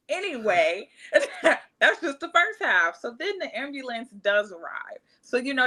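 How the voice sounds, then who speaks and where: A woman's voice: medium pitch, sharp tone. A woman, candidly telling a personal story in casual podcast chat and acting out other people's voices. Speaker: podcast co-host.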